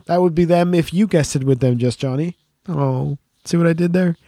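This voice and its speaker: A middle-aged man with a notably high voice, chatting loosely on a podcast. He rambles and jokes and swears freely. The sound is close and dry, with no room around it. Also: moderate pace, dark tone, dry recording. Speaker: podcast co-host. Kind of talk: casual chat.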